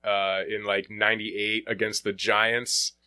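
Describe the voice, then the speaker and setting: A man's voice: fairly low pitch, flat delivery, unhurried, sharp tone, smooth. A man hosting a casual sports podcast, rambling with lots of fillers, restarts and swearing. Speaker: podcast host.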